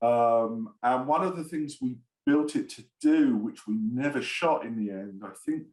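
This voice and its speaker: A man's voice: medium pitch, a little slow, darkish tone, roomy sound, poor audio. A man, a screenwriter and producer, chatting in an interview, rambling with lots of fillers and frequent laughs. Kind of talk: casual interview chat.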